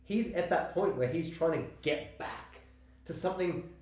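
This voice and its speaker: A man co-hosting a casual film discussion podcast, talking in a rambling, animated way and swearing often. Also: a little high, moderate pace. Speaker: podcast co-host. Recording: very echoey room.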